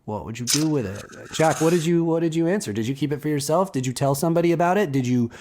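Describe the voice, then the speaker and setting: A man co-hosting a casual comedy chat show, playful and quick to laugh. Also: a little high, noisy background. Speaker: co-host.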